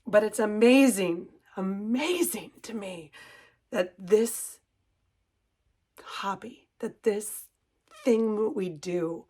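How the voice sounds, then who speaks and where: A woman's voice: mid-range voice, takes it slowly, pauses often, darkish tone. Emotional woman chatting about her hobby. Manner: emotional, gushing, talks through tears. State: tearful, composing herself. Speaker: cross-stitch vlogger and shop owner. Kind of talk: casual chat to camera.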